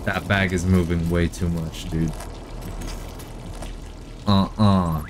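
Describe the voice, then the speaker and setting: A young man streaming live and commenting on a game as he plays. He jokes along and jumps into high, excited cries. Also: slow, noisy background. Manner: reactive, jokey, breaks into high excited exclamations. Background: game music.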